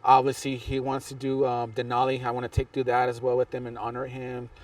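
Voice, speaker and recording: A man's voice: mid-range voice, monotone, brisk, darkish tone, recorded from a distance. A man guest on a podcast, telling a long hiking story in a rambling way, with many restarts and fillers. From Southern California. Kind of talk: casual storytelling interview.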